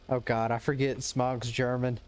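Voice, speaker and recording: A male game streamer talking over his live stream in an ordinary middle-pitched voice. He jokes around, laughs often and trips over his words, restarting sentences as he goes. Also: clean tone. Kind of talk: casual live-stream chat.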